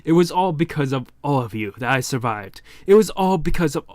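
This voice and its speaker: A man's voice: fairly high pitch, expressive, fairly quick, a little mellow, no echo, natural voice. A man voicing a scared young boy shogun who pleads tearfully with his friends not to leave. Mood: pleading tearful.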